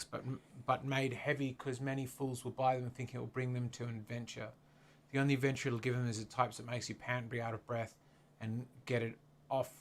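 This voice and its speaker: A young man co-hosting a casual livestream, animated, often mimicking other people's comments in mocking voices. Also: medium pitch, slight background noise. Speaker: co-host of motorcycle channel.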